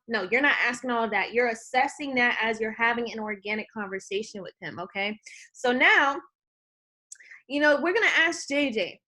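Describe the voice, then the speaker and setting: A woman's voice: on the high side, lively intonation, moderate pace, pushed and bright. A woman trainer coaching her team in a live online session. She talks with energy, often checks in with "okay?", and acts out both sides of a phone call.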